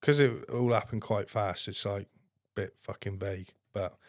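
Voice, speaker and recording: Lower-voiced sweary man. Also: steady tone, normal speed, dry recording, studio quality. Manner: blunt, swears constantly. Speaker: podcast guest. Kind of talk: casual storytelling.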